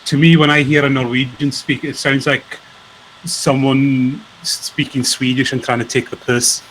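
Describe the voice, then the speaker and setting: A man's voice: medium pitch, flat delivery, unhurried, a bit bright, rough recording. A man chats casually on a live stream in a mid-range voice. He talks loosely with plenty of fillers, and faint background noise runs underneath. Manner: chatty, with fillers like "like".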